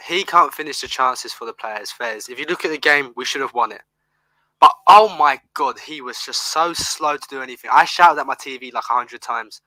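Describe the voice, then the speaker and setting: A man's voice: mid-range voice, moderate pace, pushed and bright, no echo, poor audio. Man, heated rant, exasperated, bone-dry close sound, video call. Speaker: panel guest. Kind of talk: casual heated fan rant.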